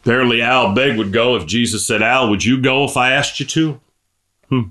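Middle-aged male preacher, bright cutting tone, impassioned sermon delivery with slow scripture reading. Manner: impassioned, rising to emphatic high-pitched peaks.

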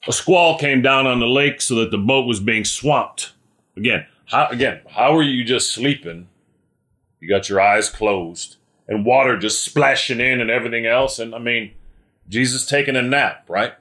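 A man's voice: mid-range voice, moderate pace, sharp tone. A man preaching a conversational sermon, often asking "right?" and calling on listeners by name.

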